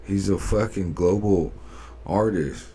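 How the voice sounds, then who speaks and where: A man with a very low, mellow voice reacts to a clip in casual commentary. He is laid-back but opinionated and keeps circling back to his point. His delivery stays easygoing throughout. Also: slow pace, slightly rough. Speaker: reaction channel host.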